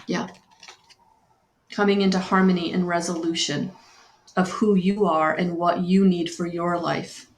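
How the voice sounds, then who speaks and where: On a live stream, a woman with a lowish voice gives a slow, soothing talk of spiritual guidance, repeating phrases and greeting viewers by name. The sound is roomy.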